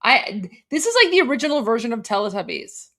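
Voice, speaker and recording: A woman's voice: on the high side, big pitch swings, fast, sharp tone. Chatty, giggly woman host in her forties. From Canada. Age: 40s. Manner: chatty and giggly, lots of "like" fillers. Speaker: livestream host. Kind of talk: casual live commentary.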